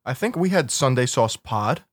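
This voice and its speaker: A young man co-hosting a podcast, easygoing and chatty with relaxed slang. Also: mid-range voice, normal speed, slightly rough, no echo, studio quality. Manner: easygoing, laid-back slang. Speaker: podcast co-host. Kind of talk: casual podcast chat.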